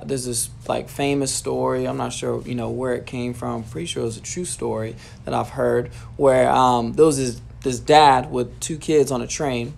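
A man's voice: medium pitch, vocal fry. A young man giving a casual motivational talk about sales, loose and rambling, dropping "man" and "you know" into nearly every sentence. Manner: loose, filler-heavy, says "man" constantly.

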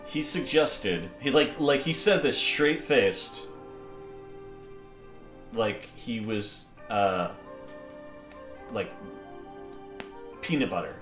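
A man's voice: mid-range voice, expressive, very slow, long pauses, a bit bright, echoey room, faint music behind. A man chatting casually while playing a video game, rambling and joking and easily sidetracked. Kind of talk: casual let's-play banter.

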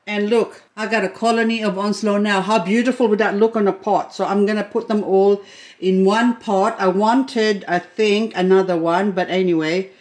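A middle-aged woman chatting casually as she unboxes plants, gushing and excitable, talking to each plant as she goes. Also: medium pitch, normal speed. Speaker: succulent vlogger.

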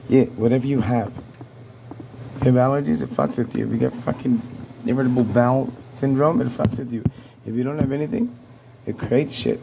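Agitated man, profane home rant, flat gravelly delivery, noisy recording. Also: mid-range voice, lo-fi sound. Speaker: tenant vlogger. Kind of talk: angry rambling rant. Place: apartment indoors.

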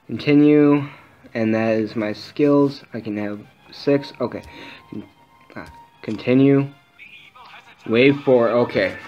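A man giving casual, excitable commentary while playing a game, swearing often and talking back to the enemies. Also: medium pitch. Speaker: gameplay commentator. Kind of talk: casual let's play commentary. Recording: dull lo-fi mic with faint game music.

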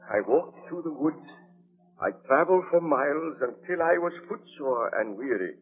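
An actor playing guilt-ridden Baron Frankenstein. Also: male voice, on the high side, expressive, moderate pace, natural voice. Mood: recounting. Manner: earnest, theatrical, narrating his tale. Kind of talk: 1930s radio drama acting. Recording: tinny, hissy 1932 radio broadcast.

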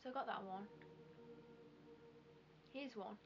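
A woman's voice: fairly high pitch, takes it slowly. Chatty woman, lo-fi game commentary. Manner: self-deprecating, chatty, thinking aloud while typing codes. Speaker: gameplay commentator. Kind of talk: casual let's-play commentary. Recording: lo-fi home recording with background hiss.

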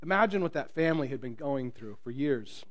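A man preaching a sermon as pastor, swinging from loud, booming lines to quiet hushed ones and joking with the congregation. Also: animated, brisk. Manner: jokes with the congregation. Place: church.

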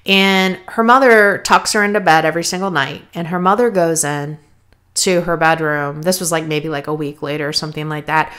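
Female podcast host, lower voice, casual motivational chat, peppers her lines with "right?". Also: fairly even intonation, a little fast, fairly bright tone. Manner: conversational, frequent "right?" tags. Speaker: podcast host, health coach.

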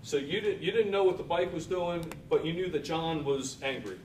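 A man's voice: normal speed, a little mellow. A man questioning a witness in a courtroom cross-examination, leading him with short questions and frequent checks for agreement. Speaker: defense attorney. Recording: echoey room from far off, faint rumble.

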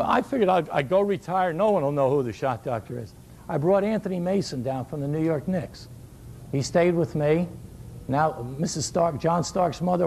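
A man in his sixties gives a shooting clinic, telling folksy stories full of joking asides. His voice sits high yet sounds mellow, with a gravelly edge. He hammers home his key words by saying them again and again to a live group. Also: a little hiss or hum. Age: 60s. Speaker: basketball shooting coach. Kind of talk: coaching clinic talk.

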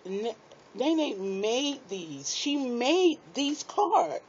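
A woman chatting excitedly to her viewers while unboxing craft supplies in a small apartment, laughing at herself as she goes. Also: sits high, extremely slow, a little hiss or hum. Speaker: craft vlogger. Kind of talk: casual unboxing chat to viewers. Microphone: tablet microphone. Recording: dull lo-fi tablet audio.

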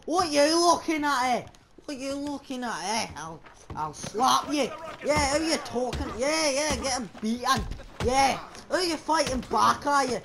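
A young man with a put-on Scottish accent, voicing a brash, foul-mouthed outlaw in a game role-play, rough and swaggering. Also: very high-pitched, expressive, measured pace, a bit bright, full character voice. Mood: threatening. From England. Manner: rough, swaggering, swears a lot.

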